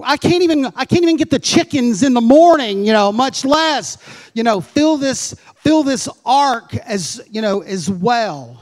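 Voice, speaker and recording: A man's voice: extremely high pitch, animated, a little slow, long reverb tail, voice pushed up. A pastor voicing a flustered old man Noah, exasperated and rambling about an impossible job.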